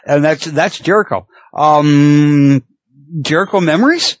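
Here a middle-aged man with a voice on the high side talks at a measured pace in casual chat. He laughs frequently, is profane and tells stories energetically. There's no echo, though the audio is dull and lo-fi.

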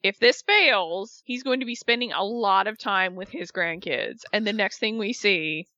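A woman co-hosting a casual chat, recapping a show with lively retellings and quoted voices. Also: mid-range voice, moderate pace, dry recording, highs cut off. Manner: animated retelling, acting out the people she quotes. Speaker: podcast co-host recapping a reality show.

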